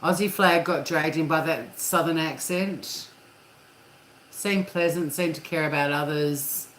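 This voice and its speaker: A woman's voice: low-pitched, a little slow. A woman hosting a casual live chat with viewers, talking candidly and swearing freely. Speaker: livestream host. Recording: echoey room with faint hum.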